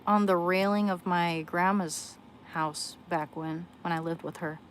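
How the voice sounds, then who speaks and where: A woman's voice: lowish voice, fairly even intonation, unhurried, rough recording. A woman chatting casually on her livestream, rambling and self-deprecating, often trailing off and restarting her sentences. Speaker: livestream host. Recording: loud background noise.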